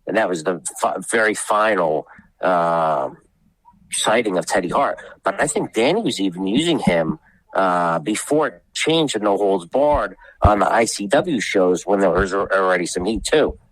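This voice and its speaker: This man has a low, animated voice and talks at normal speed, though the audio is poor. As a guest on a podcast, the wrestling promoter wanders through backstage tales in casual storytelling mode, impersonating the people he quotes and throwing in some curse words.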